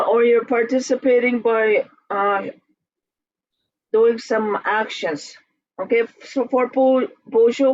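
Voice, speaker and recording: Slow, halting online language teacher. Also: medium pitch, highs cut off. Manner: relaxed, halting, many fillers. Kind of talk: online class instruction. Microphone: video call.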